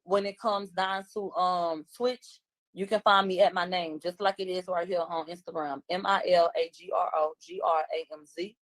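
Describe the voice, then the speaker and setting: A woman's voice: fairly low pitch, fairly even intonation, moderate pace, no echo. A woman, a guest commentator on a livestream, talking bluntly and combatively in casual chat.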